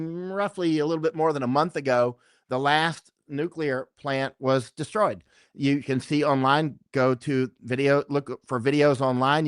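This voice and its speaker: A middle-aged man appears as an interview guest, talking conversationally in a rambling, emphatic way and repeatedly checking in with "right?". His voice is on the high side and fairly bright, recorded at studio quality with no room sound.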